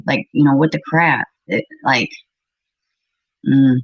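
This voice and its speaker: A woman's voice: very deep voice, fairly even intonation, slow. A middle-aged woman, hosting a livestream and chatting bluntly and with exasperation with her live chat. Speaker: livestream host. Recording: slightly muffled recording.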